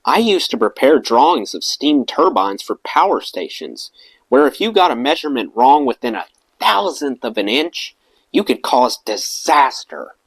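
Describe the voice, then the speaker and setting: A man's voice: mid-range voice, dry recording. A man reading a memoir aloud for an audiobook channel, telling it expressively. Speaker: audiobook reader.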